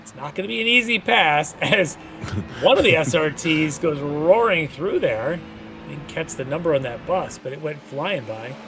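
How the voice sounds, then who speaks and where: A man's voice: a little high, expressive, moderate pace, music in the background, poor audio. A man commentating an online sim race, mixing race calls with jokey banter. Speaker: play-by-play commentator.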